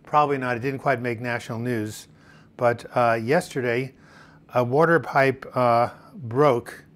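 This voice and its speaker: A man's voice: mid-range voice, steady tone, a little slow, a bit bright. A man hosting a casual weekly live chat from home. He reads viewers' names and comments aloud, with frequent fillers. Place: home in Portland, Oregon. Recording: faint background noise from outdoors. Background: faint music and outside noise.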